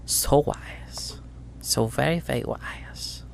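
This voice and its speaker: Guy doing a nasal sweet-but-mean middle-aged crime boss lady, soft and purring, gravelly, tabletop game voice. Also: medium pitch, a little slow, a little hiss or hum, pitched above the performer's own voice. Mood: sweetly menacing. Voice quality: nasal, rusty, syrupy-sweet. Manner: soft, purring and threatening, with small stumbles.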